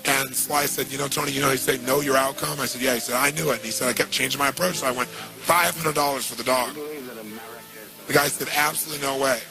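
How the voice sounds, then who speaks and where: A man who is a motivational speaker tells a story to an audience, acting out both sides of each exchange with lively energy. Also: medium pitch, fast talker, poor audio. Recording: speech with loud music underneath.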